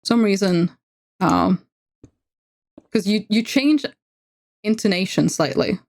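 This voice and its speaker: A Norwegian woman streaming a game, chatting with her viewers in English with a Norwegian accent. She speaks slowly and in a relaxed way, with a gravelly edge of vocal fry running through her voice. Her pitch sits at a middling height for a woman. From Norway. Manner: chatty, talks to her chat while playing. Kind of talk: casual gameplay livestream chat.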